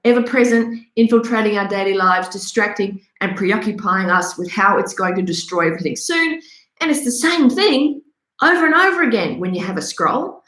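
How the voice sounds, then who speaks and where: A woman's voice: mid-range voice, fairly bright tone. A woman giving a sarcastic, self-deprecating commentary monologue that turns into a rant. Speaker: host. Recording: roomy echo.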